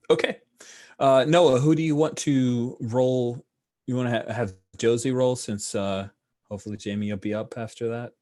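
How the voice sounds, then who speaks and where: A man acting as game master over an online call, narrating a tabletop baseball game in a relaxed, chatty way with lots of fillers and little sportscaster flourishes. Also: medium pitch, measured pace. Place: online call with screen sharing.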